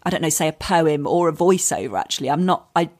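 A woman's voice: sits low, fast talker. An English woman in her forties, a comedian and author chatting as a podcast guest, laughing often and poking fun at herself. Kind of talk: casual podcast chat.

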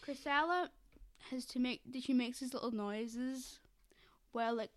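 A woman's voice: on the high side, a little slow, dry recording. A young woman co-hosting a podcast, chatting casually and retelling scenes with lots of giggling. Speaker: podcast co-host. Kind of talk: casual chat.

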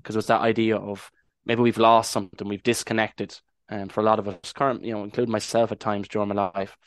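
A man with an Irish accent rambles thoughtfully through his story as a podcast guest. His voice sits fairly low and sounds close and dry, with no room behind it. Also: no room sound. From Ireland. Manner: reflective, rambling with restarts. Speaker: podcast guest, language advocate. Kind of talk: casual interview storytelling.

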